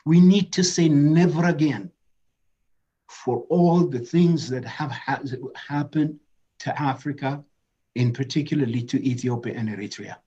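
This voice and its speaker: A man's voice: on the high side, a little slow, mellow, breathy edge, lo-fi sound. A man moderating a webinar, giving passionate opening remarks that rise to emphatic declarations.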